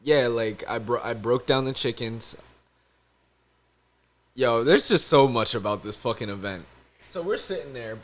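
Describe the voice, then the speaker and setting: A man's voice: mid-range voice, measured pace, long pauses. A young man co-hosting a podcast, telling a story in casual chat, profane and laughing often. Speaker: podcast co-host.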